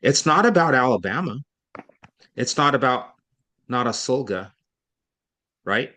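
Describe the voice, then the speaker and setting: A man's voice: mid-range voice, expressive, measured pace, pushed and bright. A man tutoring a student in reading over an online session, explaining step by step in a patient, thinking-aloud way with frequent self-corrections.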